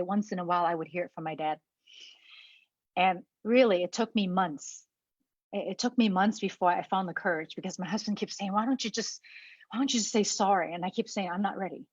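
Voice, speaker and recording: A woman giving a personal talk, halting and repeating words, holding back tears. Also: lowish voice, no room sound, lo-fi sound. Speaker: speaker.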